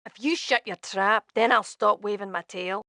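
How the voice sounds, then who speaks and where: A prickly, gravelly young fiendish thief. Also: female voice, medium pitch, normal speed, no room sound, clean studio sound. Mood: scornful. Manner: blunt, threatening, sharp-tongued. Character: prickly young female tiefling thief with a tail. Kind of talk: video game dialogue.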